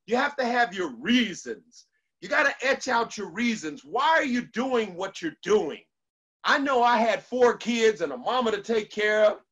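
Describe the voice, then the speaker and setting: Bright-voiced preacherly motivational speaker man. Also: sits high, sing-song, a little slow, husky, dull audio. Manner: preacherly, repeats lines for emphasis, leads call-and-response. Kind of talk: motivational speech to an online audience.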